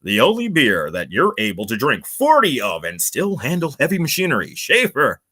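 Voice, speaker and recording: A man putting on a slow, deep radio announcer voice to read mock ads. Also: huge pitch swings, sharp tone, husky, heavily acted. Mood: announcer smooth. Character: smooth male radio announcer reading ads. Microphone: wireless lapel mic.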